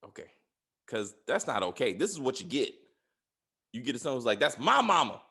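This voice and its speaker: A man's voice: mid-range voice, expressive, a little fast, slightly rough. A man hosting a casual spoiler review of a TV series, ranting with exasperated, profane commentary. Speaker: podcast host reviewing a TV series.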